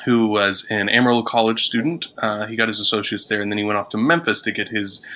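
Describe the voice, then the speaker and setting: A man's voice: lowish voice, steady tone, fast, bright, forceful tone. A man, a theater director, chatting casually and praising his cast with easy laughs. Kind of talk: casual interview chat.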